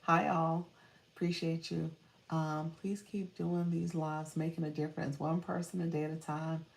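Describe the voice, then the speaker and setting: A woman's voice: low-pitched, level tone, normal speed, vocal fry, echoey room, far from the mic. A woman coaching on a livestream in casual chat, reading comments, laughing often and thanking viewers by name.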